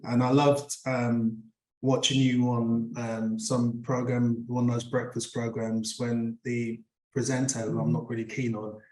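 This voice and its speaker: A man's voice: mid-range voice, little pitch movement, unhurried, warm tone. A man hosting an interview, asking long, rambling questions full of ums and restarts. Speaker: interview host. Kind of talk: conversational interview. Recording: echoey room.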